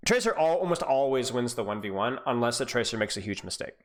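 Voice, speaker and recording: A man's voice: medium pitch, expressive, quick pace. A man coaching and streaming, casually analyzing an esports match, chatty with frequent restarts and asides to viewers. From Scottish heritage. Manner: casual, chatty, many restarts, thanks subscribers. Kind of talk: live stream game analysis.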